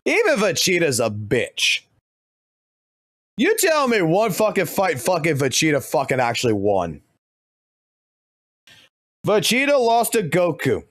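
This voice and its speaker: High, animated swearing male streamer. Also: a little slow, long pauses, dry recording, studio quality. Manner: heated, swears constantly. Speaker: game streamer. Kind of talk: profane gaming rant.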